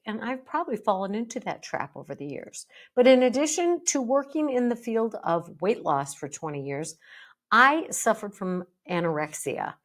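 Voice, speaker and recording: A middle-aged woman hosting a solo podcast, speaking emphatically with a playful, animated delivery. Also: fairly low pitch. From United States. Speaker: podcast host and bariatric psychologist.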